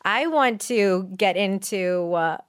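A woman's voice: mid-range voice, lively intonation, slow, clear, resonant tone, no room sound, studio quality. A woman hosting a podcast, talking casually with fillers and the odd swear word. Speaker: podcast host. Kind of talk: casual chat.

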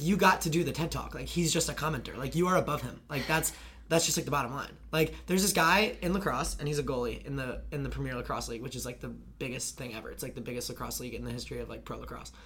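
A man's voice: on the high side, a bit bright, slightly rough. A young man talking casually on a podcast, rambling and filling nearly every phrase with "like". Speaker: podcast guest.

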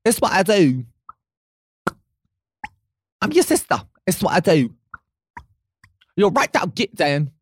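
A woman acting out an earnest sister from a movie, voice swooping wildly up and down and drawn out slowly. The lines come over-dramatic and deliberate, close to a dry mic. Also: on the low side, sing-song, slightly rough, dry recording, exaggerated voice. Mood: melodramatic. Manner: exaggerated dramatic line reading. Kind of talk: joking movie-scene impression.

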